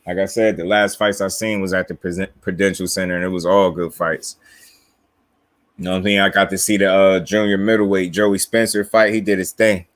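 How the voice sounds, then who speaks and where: Man, new jersey accent, boxing live-stream host, low voice, slangy, chuckling, dry close mic. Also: flat delivery, a little fast, dry recording. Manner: laid-back, chuckling, slangy. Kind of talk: casual live-stream chat reading viewer comments.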